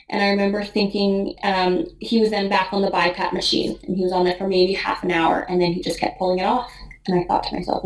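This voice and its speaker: A woman's voice: medium pitch, flat delivery. Emotional woman in a roomy, distant recording. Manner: emotional, halting, frequent restarts and quoted thoughts. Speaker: nurse guest. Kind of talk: reflective personal storytelling. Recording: roomy, slightly distant mic.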